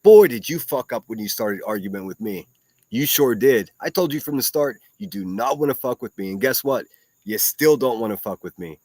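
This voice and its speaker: A man's voice: medium pitch, expressive, moderate pace, darkish tone, no room sound. A man hosting a solo livestream podcast, ranting and hurling mocking, profane insults at critics. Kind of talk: ranting commentary reacting to clips.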